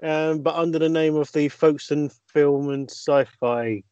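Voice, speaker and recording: Male co-host, slightly high voice, dry sound, relaxed anecdotes. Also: a little slow, clear, resonant tone, no room sound, lo-fi sound. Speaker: podcast co-host. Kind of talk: casual chat.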